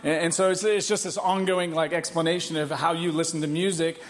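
Animated high-voiced male pastor. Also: a little fast. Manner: animated storytelling with laughs. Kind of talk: sermon. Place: church hall.

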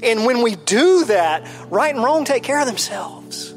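A man's voice: very high voice, big pitch swings, measured pace, faint music behind. A man in his thirties, a pastor telling a personal story in a candid, conversational sermon. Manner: candid, personal, builds to emphatic then soft.

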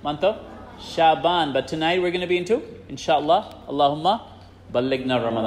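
A man's voice: fairly high pitch, brisk, slight background noise. Earnest man telling a story in an echoey hall. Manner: earnest, retells a story with frequent repeats. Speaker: preacher. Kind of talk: religious storytelling talk. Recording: echoey hall with long reverb.

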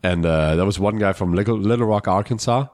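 A man's voice: on the low side, fairly quick, a little mellow, no room sound. A Canadian man co-hosting a podcast, chatting casually and telling travel stories with a laugh. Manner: chatty, storytelling, laughs often. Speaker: podcast co-host. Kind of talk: casual chat.

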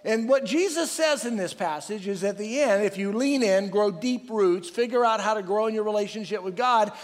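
Middle-aged male pastor, high-pitched, energetic preaching with call and response, heard in a reverberant church hall. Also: moderate pace. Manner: energetic, calls for crowd responses, restarts phrases. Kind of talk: sermon.

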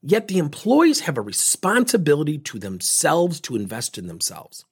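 A man's voice: fairly high pitch, huge pitch swings, normal speed, breathy edge. A man giving a talk, telling a story and acting out both sides of a conversation. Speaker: speaker on leadership and feedback.

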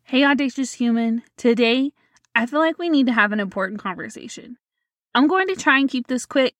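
A woman hosting her own podcast, talking alone to her listeners in a sassy, emphatic and animated way. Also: on the high side, a little fast, no echo. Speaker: podcast host. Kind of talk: solo motivational podcast talk.

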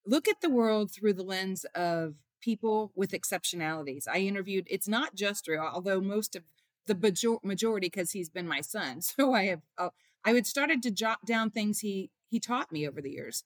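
An author and mother recounts stories with sincerity during an interview, quoting and performing others' words. She speaks at normal speed in an expressive, medium-pitched voice, with clean studio sound and no room noise.

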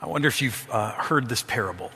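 A man's voice: medium pitch, animated, breathy edge. Preaching man in a reverberant hall. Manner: swings from loud emphatic preaching to hushed quiet storytelling; slow, drawn-out emphasis on scripture lines. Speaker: pastor. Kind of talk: sermon. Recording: long hall reverb with music behind.

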